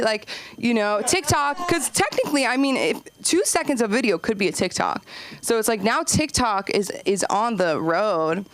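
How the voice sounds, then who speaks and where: A woman doing a stand-up comedy set, chatty and rambling, jumping her voice up high whenever she acts out a quote. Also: sing-song, brisk. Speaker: stand-up comic and open mic host. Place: comedy club stage.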